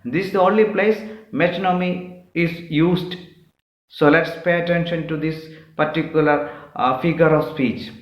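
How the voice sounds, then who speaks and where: A man teaching, explaining a poem point by point in a slow, methodical way. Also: fairly high pitch, echoey room, low-quality recording.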